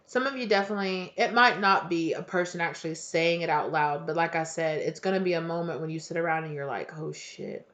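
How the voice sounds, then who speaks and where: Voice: medium pitch, fast, few pauses, a bit bright, muffled recording. A tarot reader giving a casual, heartfelt reading that rambles along with many fillers and some swearing.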